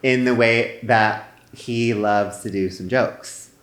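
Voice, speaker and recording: Guy on a comedy podcast telling a long story, kinda low voice, lotta "like"s, echoey room. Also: fairly even intonation, slow pace, fairly bright tone, a little hiss or hum. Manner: rambling, full of "like" fillers. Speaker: podcast co-host.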